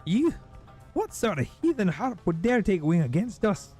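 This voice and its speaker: A man's voice: sits high, sing-song, moderate pace, darkish tone, faint music behind, voice pushed up. A man voicing a hostile, scornful winged woman who snubs her blood sister in a story game, with a cold, clipped manner.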